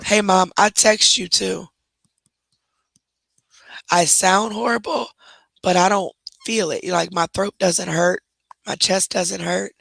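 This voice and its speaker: A woman with a badly hoarse, gravelly voice, rough and husky as if almost gone, chats casually on her livestream. She talks directly to her viewers and moderators. The sound is close and dry, with no room echo. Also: medium pitch, fairly even intonation, slow pace, pauses often, a bit bright. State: hoarse, nearly lost voice. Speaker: livestream host.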